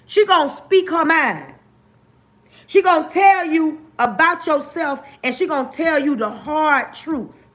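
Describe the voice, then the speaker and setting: A woman hosts a livestream, delivering preachy, motivational life talk that is emphatic and repetitive, and she keeps checking in with her listeners. Her voice is high-pitched and expressive, with a fairly bright tone and a measured pace.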